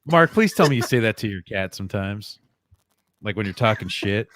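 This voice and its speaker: A man's voice: on the low side, animated, moderate pace, fairly bright tone. A man joining a casual podcast chat, teasing and joking with the hosts.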